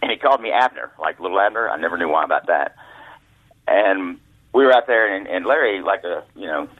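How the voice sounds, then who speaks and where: A man with a low, husky voice tells folksy stories as a guest, slipping into other people's voices. His pitch swings widely. The line is thin and phone-like, with no room echo. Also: expressive, fairly quick. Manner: folksy anecdotes, acts out voices. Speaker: guest author, former caddy. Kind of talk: storytelling interview. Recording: dry tinny phone line.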